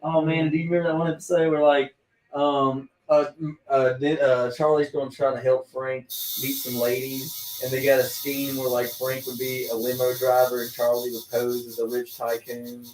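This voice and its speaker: A man's voice: medium pitch, moderate pace, a little hiss or hum. A man in a tattoo shop chatting casually and retelling comedy scenes with energy. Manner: animated storyteller who acts out the scenes. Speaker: tattoo artist. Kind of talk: casual chat while tattooing. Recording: echoey room, mic far off.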